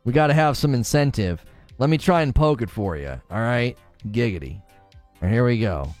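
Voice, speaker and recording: A man's voice: mid-range voice, lively intonation, normal speed, a little mellow, faint music behind. A man hosting a live stream in casual chat. He argues animatedly and laughs often. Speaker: livestream host.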